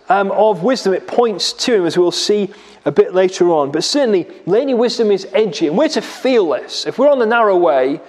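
A man's voice: high-pitched, in a large hall. A man preaching a sermon in a church, explaining a passage with rhetorical questions and vivid retelling.

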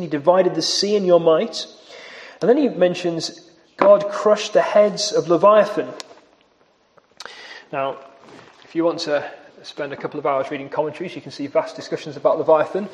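Male preacher, high-pitched, emphatic sermon delivery, long church reverb. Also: darkish tone. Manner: earnest, emphatic, repeats key phrases.

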